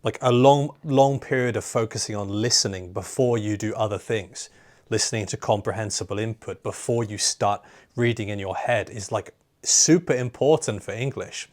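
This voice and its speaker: Male host, lowish voice, chatty casual interviewer. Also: normal speed, a little mellow. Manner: chatty, lots of "like" and "you know" fillers. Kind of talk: conversational interview.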